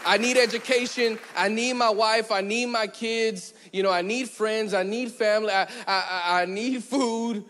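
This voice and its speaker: A man preaching as pastor, chatty and joking, who slows down and goes quiet to stress a point. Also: high voice, some chatter behind. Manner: conversational, joking, acts out little scenes; slows down and drops quiet for emphasis. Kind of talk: sermon. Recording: long church hall reverb.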